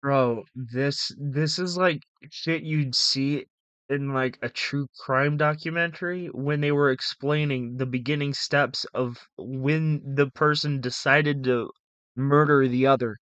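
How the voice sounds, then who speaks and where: A man's voice: medium pitch, fairly even intonation, slow pace, a bit bright, clean tone, no echo. A man giving casual reaction commentary on a stream, blunt and mocking, laughing often.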